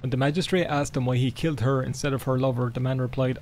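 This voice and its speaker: Gravelly, excitable male game streamer. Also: mid-range voice, brisk, slight background noise. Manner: excitable, swearing, laughing, reads in-game books aloud. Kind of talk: live gameplay commentary.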